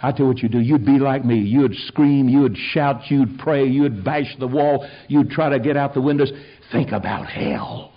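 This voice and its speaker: An older man preaching a sermon in a fiery, folksy way, rising to shouted peaks. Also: mid-range voice, steady tone, normal speed, hardly any pauses, lo-fi sound. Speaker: pastor.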